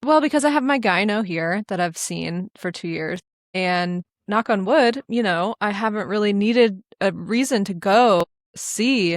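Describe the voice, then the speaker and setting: A woman's voice: mid-range voice, a little slow, no echo, studio quality. A woman co-hosting a casual podcast chat, explaining her views earnestly. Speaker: podcast co-host.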